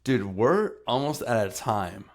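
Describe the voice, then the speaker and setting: A man's voice: medium pitch, expressive, measured pace. A man hosting a podcast who talks in a laid-back, conversational way and often trails off. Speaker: podcast host. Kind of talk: casual chat.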